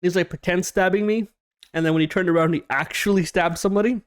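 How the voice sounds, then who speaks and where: A young man hosting a casual storytime vlog, slangy and animated, swearing often and acting out what people said. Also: sits high, quick pace, clear, resonant tone. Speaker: storytime YouTuber.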